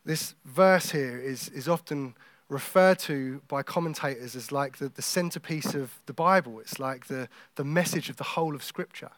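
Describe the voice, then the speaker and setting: A man preaching a sermon in a conversational, joking way, with quiet intense stretches when reading scripture. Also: mid-range voice, normal speed, dry recording.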